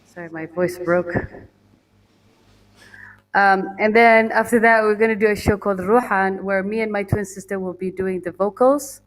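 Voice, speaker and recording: A woman's voice: medium pitch, steady tone, moderate pace. A woman musician talking casually in a remote interview over a video call, chatty and laughing often. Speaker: guest musician. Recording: distant video call audio.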